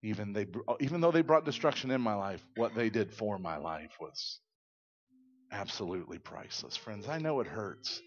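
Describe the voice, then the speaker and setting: A man pastor preaching a sermon in church, retelling scripture with animated storytelling and acted-out voices. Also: on the low side, normal speed, husky, dull audio.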